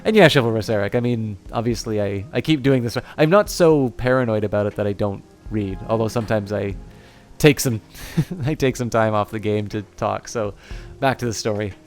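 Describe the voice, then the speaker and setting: Gravelly, apologetic man. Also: on the low side, normal speed, a little mellow, faint music behind. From Canada. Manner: apologetic, rambling with restarts. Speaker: streamer. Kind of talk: casual chat and reading a game aloud.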